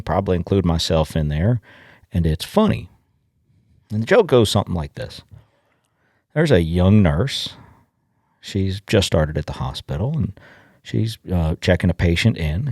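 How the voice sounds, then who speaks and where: Deep-voiced folksy man hosting a podcast. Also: darkish tone, dry recording, clean studio sound. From Illinois, US. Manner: folksy storyteller, halting restarts. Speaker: podcast host. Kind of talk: casual podcast monologue.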